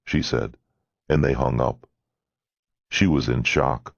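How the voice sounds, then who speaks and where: A man narrating an audiobook in a measured, expressive reading. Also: extremely low pitch, gravelly, dry recording. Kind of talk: scripted narration. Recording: dull lo-fi dry recording.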